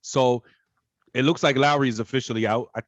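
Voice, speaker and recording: A man's voice: medium pitch, a little fast, no echo. Canadian podcast guy rambling about food and hoops, dull lo-fi mic, no room sound. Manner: rambling, animated, full of fillers. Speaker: podcast co-host. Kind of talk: casual chat.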